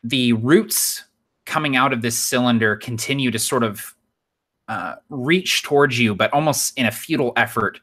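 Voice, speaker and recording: Bright-voiced game master narrating a tabletop game. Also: male voice, medium pitch, moderate pace. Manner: descriptive, enthusiastic, self-deprecating.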